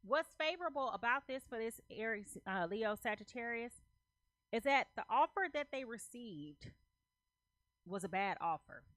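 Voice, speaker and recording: Lady reading tarot, kinda high voice, says everything twice, slangy, dry close sound. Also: lively intonation, moderate pace, a bit bright, dry recording. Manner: emphatic, repeats phrases, checks in with "okay?"; loose slangy talk. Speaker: tarot reader. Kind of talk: casual tarot reading to camera.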